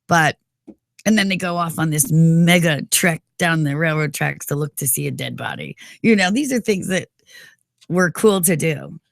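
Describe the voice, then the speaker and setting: A woman's voice: low-pitched, normal speed, creaky, dry recording, studio quality. A woman in her forties from New York, co-hosting a radio morning show and talking emphatically, sprinkled with "you know". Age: 40s. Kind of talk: casual talk radio chat. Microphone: studio mic.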